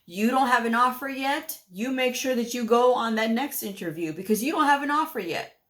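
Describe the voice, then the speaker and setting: A woman's voice: on the high side, lively intonation, a little fast, a bit bright. A woman hosting a career advice channel, speaking bluntly and folksy to viewers in a scolding, direct-to-camera way. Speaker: medical coding channel host.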